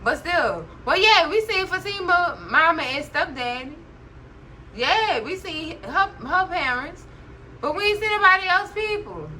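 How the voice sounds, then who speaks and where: High, bright-voiced woman recapping TV. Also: measured pace, a little hiss or hum, rough recording. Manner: chatty, animated, constantly says "girl"; laughs often while talking. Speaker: TV recap host. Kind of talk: casual TV recap commentary.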